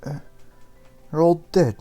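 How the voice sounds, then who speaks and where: A man voicing a gentle young orphan girl who guides travelers in a game, speaking in a sweet, high, polite voice. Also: slow, soft background music. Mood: friendly, sad.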